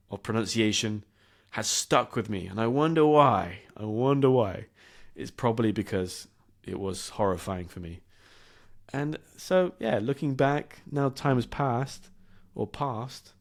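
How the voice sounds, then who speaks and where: A young man from southern England, hosting a show for English learners and telling a personal story in a lively, self-deprecating way, laughing at himself. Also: medium pitch. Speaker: podcast host.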